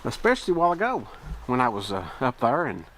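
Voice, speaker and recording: An older man with a drawl rambles folksily into his camera microphone as he climbs a wooded trail, puffing for breath. His voice sits at an ordinary middle pitch, and a faint hush of outdoor ambience stays beneath his talk. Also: wildly swooping pitch, fast talker, slight background noise. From Kentucky. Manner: rambling, folksy, with many fillers. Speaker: outdoor vlogger. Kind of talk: casual narration while hiking.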